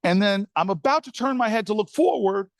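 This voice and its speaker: High-voiced man telling a story onstage. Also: brisk, dry recording. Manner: animated, folksy, speaks directly to the crowd. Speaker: senator giving a speech. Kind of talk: storytelling speech to an audience.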